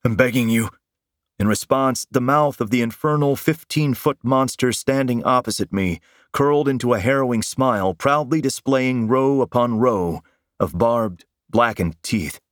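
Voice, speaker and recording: A man giving dramatic first-person fiction narration in an intense, measured storytelling manner. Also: medium pitch, no room sound, studio quality.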